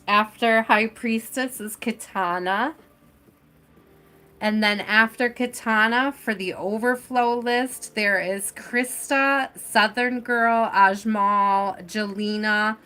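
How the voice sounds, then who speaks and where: A woman reads tarot live for her viewers in a loose, chatty way, calling people by name as she goes. Her voice is bright and forward, and she takes her time, letting her words come out unhurried. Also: medium pitch, fairly even intonation, smooth. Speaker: tarot reader hosting a live stream. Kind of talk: live tarot reading, casual chat.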